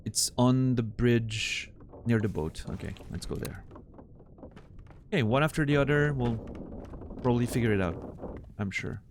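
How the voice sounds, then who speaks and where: Male streamer, mid-pitch, musing through a puzzle game, relaxed live commentary. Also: moderate pace, pauses often, slight background noise. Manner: thinking aloud, puzzling things out. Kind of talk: casual gameplay commentary.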